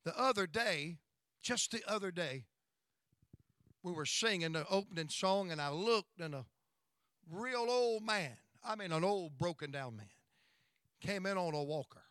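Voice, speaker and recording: A man's voice: high voice, lively intonation, unhurried, pauses often, a bit bright, clear, resonant tone, no echo, studio quality. A middle-aged male pastor telling stories in a sermon, emphatic and folksy, often breaking into praise. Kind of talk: storytelling sermon.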